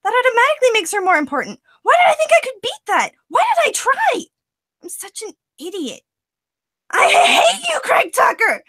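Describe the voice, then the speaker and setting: A woman's voice: extremely high pitch, no echo, heavily acted, low-quality recording. A woman voicing a distraught, heartbroken teenage boy who stammers and cries out in anguish, for an audition. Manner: sobbing, stammering, shouting in anguish. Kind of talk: voice acting audition.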